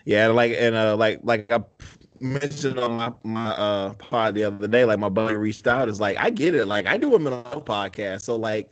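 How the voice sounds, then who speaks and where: Laid-back low-voiced male podcast host. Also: normal speed, no echo, muffled recording. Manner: rambling, laid-back, lots of fillers and casual cursing. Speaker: podcast host and mental health therapist. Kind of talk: casual podcast chat.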